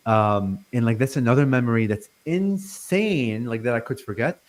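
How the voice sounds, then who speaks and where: Man, 40s, from Lebanon; interview guest; halting, stuttering delivery full of fillers. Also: medium pitch. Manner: stutters, many fillers and restarts. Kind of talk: casual interview talk.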